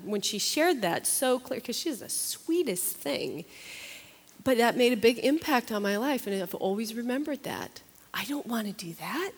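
A woman's voice: a little high, in a large hall. A woman teaching a Bible study in a chatty, earnest way, repeating phrases for emphasis. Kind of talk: conversational sermon.

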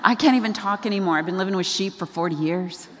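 A woman's voice: mid-range voice, quick pace, a bit bright, a little hiss or hum, lightly acted. A woman preacher voicing Moses as a humble, reluctant man in a flustered, pleading tone, heard with long hall reverb.

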